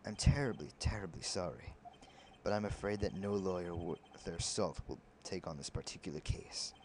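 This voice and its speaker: A man voicing a pompous older male lawyer who keeps clearing his throat theatrically. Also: deep voice, normal speed, a little hiss or hum, pitched below the performer's own voice, close to an everyday voice.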